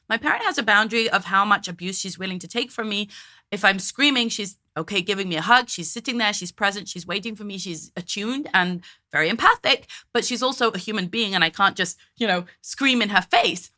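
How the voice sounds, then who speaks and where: A woman's voice: medium pitch, a little fast, sharp tone. A woman hosting a parenting show, commenting on video clips in a direct, emphatic, conversational way. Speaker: host, parenting coach.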